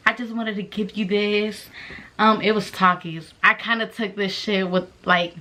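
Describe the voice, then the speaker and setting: Young woman, casual storytime vlog, heavy swearing, animated retelling, middle-pitched voice. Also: unhurried. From Mexican-American. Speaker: vlogger.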